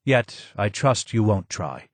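A man voicing a broken older male former royal advisor who speaks slowly in a low, hoarse voice, in a dry recording. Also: sing-song, dry recording, full character voice. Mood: sorrowful. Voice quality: low and hoarse, slow and measured.

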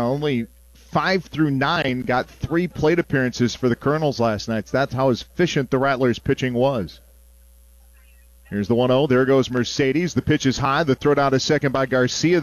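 A man's voice: medium pitch, no echo. Chatty baseball play-by-play man. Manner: chatty, relaxed asides between plays. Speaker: play-by-play announcer. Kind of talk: baseball radio commentary.

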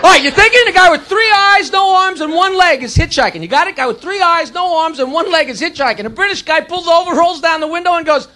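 A man's voice: very high-pitched, quick pace, few pauses, pushed and bright, slight background noise. A man doing stand-up on stage, telling crude jokes with brash punchlines. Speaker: stand-up comedian. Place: comedy stage before an audience.

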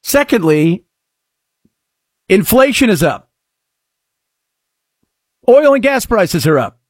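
A man's voice: high-pitched, big pitch swings, slow, breathy edge, dry recording, studio quality. A middle-aged man hosting a talk-radio show, delivering a sarcastic, opinionated monologue that swings between mutters and outbursts.

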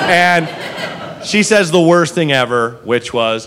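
A male stand-up comedian telling a story on stage, animated and profane, acting out the people in it. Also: mid-range voice, normal speed. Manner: animated, profane, acts out characters. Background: audience laughter.

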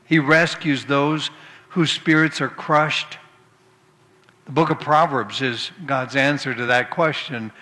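A man's voice: a little high, a little slow, pushed and bright. A man preaching a sermon, telling folksy humorous anecdotes before turning to scripture. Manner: storytelling, folksy, with occasional restarts. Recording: long hall reverb.

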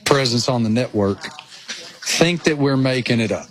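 A man's voice: medium pitch, normal speed. A man with a thick rural Appalachian accent, co-hosting a sports radio show, telling self-mocking stories in casual banter. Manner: animated storyteller, self-mocking. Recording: remote link with crowd noise behind.

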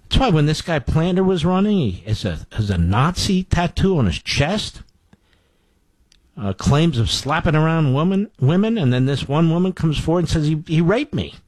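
A man's voice: on the high side, sing-song, moderate pace, dry recording. Indignant male political talk host. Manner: indignant, emphatic, repeats phrases for effect. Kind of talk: opinionated monologue.

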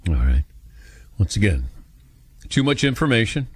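A man hosting a sports talk show, reading highlights and ads in a smooth broadcaster delivery with dry humor. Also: very animated, normal speed, no room sound.

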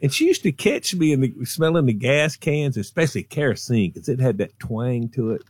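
Brief: lively radio storyteller man, mid pitch, swings a lot, dry close mic. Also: moderate pace, breathy edge, dry recording. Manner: animated, acts out voices. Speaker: radio show regular. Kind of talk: casual storytelling.

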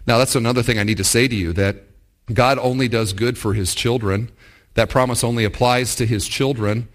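A pastor, a man, preaching a sermon to his church, asking the congregation rhetorical questions and acting out quotes. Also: medium pitch. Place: church service.

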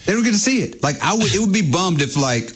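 A man co-hosting a radio show, rambling and excitable with lots of fillers. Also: high-pitched, fast, a little hiss or hum. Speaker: radio co-host. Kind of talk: radio talk. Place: radio studio.

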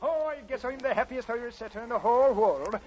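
A man's voice: extremely high pitch, expressive, quick pace. An actor playing a jovial Irish policeman turned Irish setter dog, with a thick put-on Irish brogue, in a 1940s radio comedy. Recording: dull lo-fi old radio recording with faint hiss.

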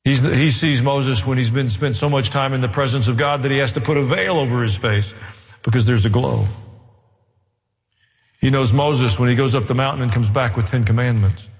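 A man preaching a sermon, earnest with dry asides. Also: normal speed. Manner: earnest preaching with dry asides, rising in pitch as he presses the point. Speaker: pastor. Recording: long hall reverb.

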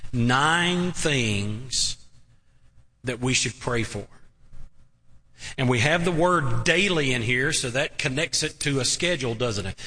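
A male pastor preaches with emphatic, drawn-out phrases. His voice is bright and forceful. A long reverb from a large church hall trails behind his words. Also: medium pitch. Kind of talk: sermon.

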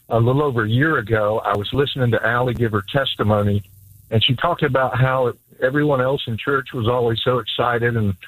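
A man's voice: mid-range voice, fairly bright tone, no echo, low-quality recording. Upbeat male radio caller. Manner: upbeat, earnest. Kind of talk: telling a personal story on air.

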